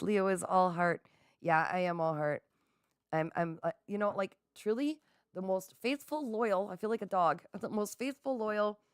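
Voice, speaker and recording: Her medium-pitched voice has a clean tone as this middle-aged woman hosts a casual livestream. She laughs often, reads out viewers' comments and excitedly talks right to them, in echo-free, studio-quality audio.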